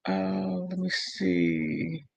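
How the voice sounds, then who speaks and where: A man's voice: sits high, little pitch movement, very slow, gravelly. A man hosting a livestream, reading chat comments aloud and riling himself up, often stopping to apologize and correct himself. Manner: emotional, heated, self-interrupting and apologetic. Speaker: livestream host. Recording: dull lo-fi audio.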